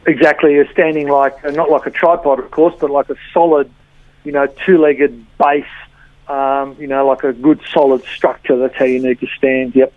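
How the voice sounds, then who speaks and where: A woman's voice: very deep voice, little pitch movement, moderate pace, no echo. Woman on a tinny phone line. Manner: explanatory, with many fillers and repeats. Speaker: body language trainer. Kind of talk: phone interview guest.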